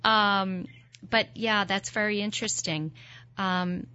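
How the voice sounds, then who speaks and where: A woman's voice: mid-range voice, steady tone, takes it slowly, bright, forceful tone, clear, resonant tone. A woman hosting an interview, asking questions and affirming her guest's story in an engaged way. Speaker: podcast host. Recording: muffled lo-fi sound.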